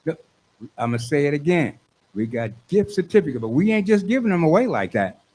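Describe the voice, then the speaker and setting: A man hosting a radio show in a studio, excitable and fond of repeating his lines for emphasis. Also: fairly high pitch, brisk, low-quality recording. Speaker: radio host.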